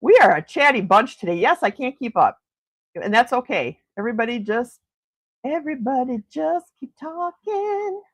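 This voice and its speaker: A woman's voice: on the high side, animated, a little fast, breathy edge, no echo. A middle-aged woman hosting a casual morning livestream chat, gushing and laughing often as she reads viewer comments. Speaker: livestream host.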